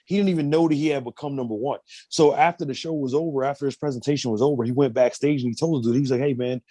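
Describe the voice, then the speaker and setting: A man's voice: mid-range voice, rapid-fire, dark tone, no echo. A man co-hosting a casual group podcast, talking emphatically with lots of profanity and acting out the people he quotes. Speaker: podcast co-host.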